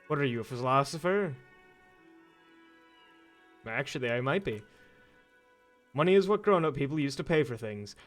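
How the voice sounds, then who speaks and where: A man's voice: medium pitch, animated, moderate pace, pauses often, faint music behind, close to an everyday voice. A man voicing a grumpy, sarcastic male cafeteria manager in a video game who demands money he is owed. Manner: sarcastic, exasperated.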